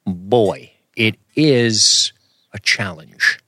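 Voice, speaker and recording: A man's voice: lowish voice, drawn-out words, bright, forceful tone, dry recording. A man co-hosting a podcast, riffing on a film in casual, profane banter. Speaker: podcast co-host. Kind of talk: casual film-review chat.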